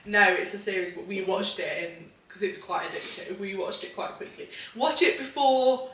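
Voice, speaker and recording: A woman co-hosting a podcast, talking quickly and eagerly, often restarting her sentences. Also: mid-range voice, animated, fairly bright tone. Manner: quick, enthusiastic, self-interrupting. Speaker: podcast co-host. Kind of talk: casual chat. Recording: echoey room, mic at a distance.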